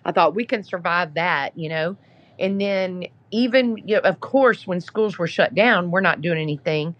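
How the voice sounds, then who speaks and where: A woman who founded an app appears as a podcast guest, telling a story in a chatty, casual way packed with "you know" fillers. Her voice is lowish at a moderate pace, and the recording has its highs cut off.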